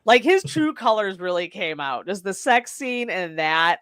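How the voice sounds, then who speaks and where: A woman's voice: medium pitch, expressive, unhurried, a bit bright, clean tone, no room sound, studio quality. A woman co-hosting a podcast, retelling a movie plot in casual, profane chat and laughing often. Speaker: podcast co-host.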